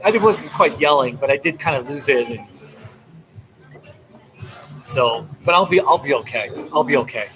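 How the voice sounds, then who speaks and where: A man's voice: medium pitch, lively intonation, moderate pace, long pauses, poor audio. A man live streaming from a coffee shop, chatting casually and animatedly with his viewers and laughing often. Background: music playing.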